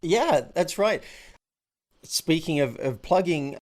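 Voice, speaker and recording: A man talking as a podcast guest and coach in a relaxed, animated way, often stopping and restarting his words. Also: on the high side, slow pace. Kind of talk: casual interview chat.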